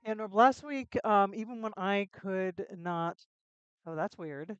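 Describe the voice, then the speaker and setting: A woman live-streaming a game into a desk mic, rambling and talking to herself as she plays. Her pitch sits in a middling range. Faint game music runs underneath her voice. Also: slow pace, clear, resonant tone, dry recording, dull audio. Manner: chatty, rambling self-talk with frequent restarts. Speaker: livestreamer playing a video game. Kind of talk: casual live-stream commentary.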